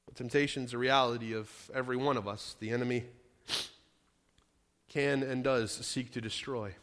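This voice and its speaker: A man's voice: medium pitch, steady tone, moderate pace, fairly bright tone. A man preaching a sermon as pastor, stacking repeated phrases with strong emphasis. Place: church sanctuary. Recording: long hall reverb.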